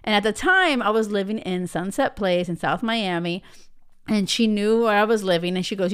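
Her voice is medium-pitched, clear and resonant, moving at a normal speed. An American woman in her thirties, she hosts a podcast and chats through a personal story with many fillers and tag questions, such as "right?" and "you know."

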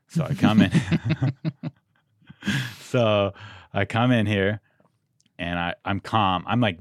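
A young man with a fairly low voice recounts a story in an animated, self-deprecating way. The sound is dry and close to the mic, and the feel is a casual podcast chat from a studio owner. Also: no echo.

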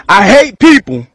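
A man's voice: extremely high pitch, bright, forceful tone, no echo, poor audio. A man from Texas, rambling through a profane freestyle rant to camera and laughing between thoughts.

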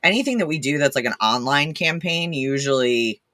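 A woman's voice: deep voice, animated, moderate pace, a bit bright, no room sound. A young woman, a rescue founder, telling stories casually with lots of laughter and quoted dialogue. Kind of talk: casual storytelling.

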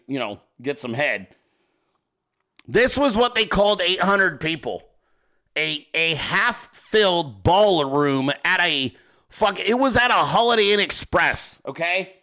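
Ranting unscripted on a political commentary show, this man is crude, sarcastic, and constantly swearing, turning often to his listeners with asides. His voice is a little high, pushed, and bright.

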